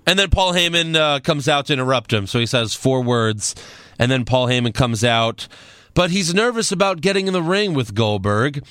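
Lively bright-voiced man recapping wrestling. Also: medium pitch, normal speed, smooth, dry recording, clean studio sound. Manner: animated, joking storyteller. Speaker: podcast host. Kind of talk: casual wrestling recap chat.

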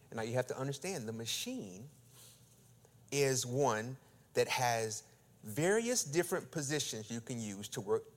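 A middle-aged man preaching through a personal story, acting out the dialogue and swinging between loud bursts and quiet asides. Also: medium pitch. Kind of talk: storytelling sermon.

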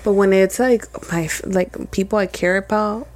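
A woman's voice: mid-range voice, fairly even intonation, normal speed, darkish tone. A young woman co-hosting a podcast in casual chat, slangy, laughing often and mixing in some Spanish. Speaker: podcast co-host.

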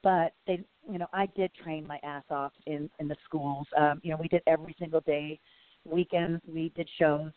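A woman guest in a casual interview, telling stories in a rambling, animated way. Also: sits low, moderate pace, no echo. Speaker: podcast guest. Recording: phone-like line with faint hiss.

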